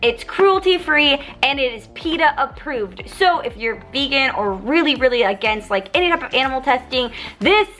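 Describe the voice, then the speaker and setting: Bubbly high-voiced young woman vlogger. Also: expressive, normal speed, few pauses, a bit bright, faint music behind. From United States. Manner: bubbly, chatty, giggly. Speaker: beauty vlogger. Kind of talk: casual product review vlog.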